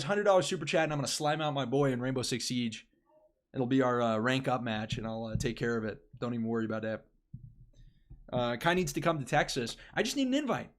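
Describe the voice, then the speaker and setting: A young man hosting a casual live stream, rambling and restarting his phrases as he talks to his chat. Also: medium pitch.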